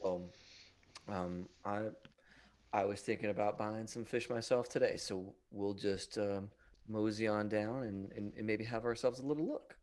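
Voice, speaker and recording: A man's voice: on the low side, fairly even intonation, normal speed, darkish tone. A man playing in a tabletop game, chatting casually in a drawling, folksy way. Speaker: player.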